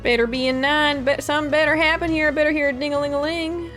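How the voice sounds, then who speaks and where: A woman's voice: high voice, fairly even intonation, fast talker, a bit bright. A woman streaming a game, thinking aloud in a chatty way and swearing freely as she plays. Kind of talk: live gameplay commentary. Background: game music.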